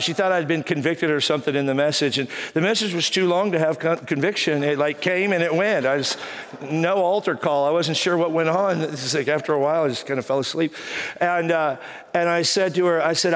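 Joking middle-aged pastor in a reverberant hall. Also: male voice, fairly high pitch, a bit bright. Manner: joking, self-deprecating storyteller with quick asides. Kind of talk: sermon. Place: church auditorium.

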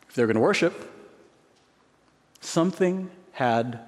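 A man preaching a sermon with emphasis, his voice climbing high on key words between musing pauses. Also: expressive. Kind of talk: expository sermon. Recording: long reverb of a large hall.

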